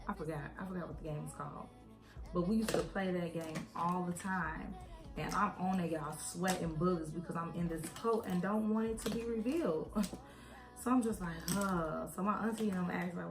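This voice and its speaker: A woman's voice: lowish voice, gravelly. Young woman vlogger telling a story. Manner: animated, acts out quoted voices, addresses viewers as y'all. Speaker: beauty vlogger. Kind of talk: casual storytelling while doing makeup. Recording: echoey room with faint music.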